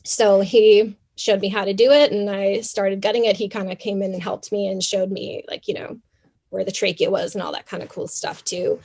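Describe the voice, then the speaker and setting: A young adult woman from Canada, a podcast guest telling a story in an animated, chatty way with many fillers. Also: medium pitch, normal speed, creaky. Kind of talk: casual interview storytelling.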